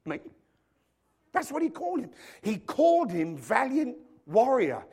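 A man with a very high-pitched voice preaching a sermon in a church hall. He builds to loud, emphatic declarations and then drops into quiet, joking asides. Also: big pitch swings, measured pace, slightly rough. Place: church hall with stage lights.

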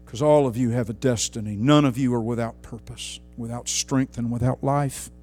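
A man preaching a sermon with passion, swinging between loud, fervent outbursts and quiet, hushed asides. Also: medium pitch, steady tone, moderate pace, faint music behind.

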